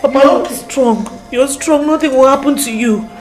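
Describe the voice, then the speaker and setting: A woman's voice: moderate pace, a little mellow, close to an everyday voice. An actress with a Nigerian accent playing a young, desperate daughter who cries out shrilly, with her voice heard from a distance over music. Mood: anxious. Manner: shrill, crying out. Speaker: actress in a film drama.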